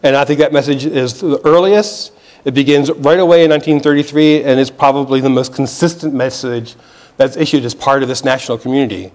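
An American man with a medium-pitched, slightly mellow voice talks a little fast as he gives a public history lecture in a museum lecture hall. He explains earnestly, often restarting phrases and checking in with the audience.

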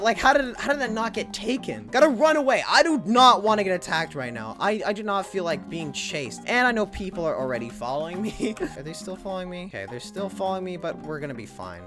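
A gaming creator giving excitable live gameplay commentary to themselves, full of exclamations and quick laughs. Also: medium pitch. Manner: excitable, talks to self, frequent laughs and exclamations. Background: background music.

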